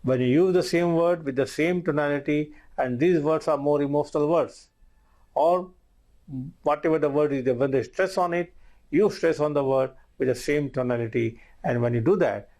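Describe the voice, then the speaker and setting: A man's voice: medium pitch, vocal fry, a little mellow. A man teaching a recorded online lesson, earnest and repetitive, often calling his listeners "my friends". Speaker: course instructor.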